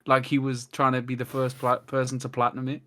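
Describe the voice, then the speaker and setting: This podcast guest speaks quickly in a mid-range voice. He rambles through long stories, animatedly acting out the things people said.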